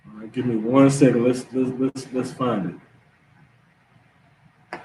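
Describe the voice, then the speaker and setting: A man's voice: medium pitch, steady tone, slow pace, mellow, recorded from a distance, slight background noise. A man leading a scripture class, talking in an emphatic, casual preaching manner. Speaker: class teacher.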